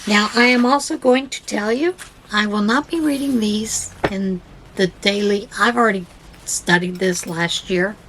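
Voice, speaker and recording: A woman's voice: medium pitch, unhurried, a bit bright, slight background noise, rough recording. A woman hosting a crafting podcast, telling a rambling story full of fillers and reading a devotional aloud. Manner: chatty, storytelling with many fillers; reads devotional passages aloud. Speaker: podcast host. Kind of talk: casual rambling chat.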